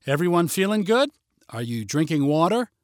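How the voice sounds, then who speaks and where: A confident mother reassures her family on a mountain hike, brisk and matter-of-fact. A man reads her lines in a storybook. The voice is fairly high and dry. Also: sing-song, no room sound. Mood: reassuring. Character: confident, encouraging hiking mother.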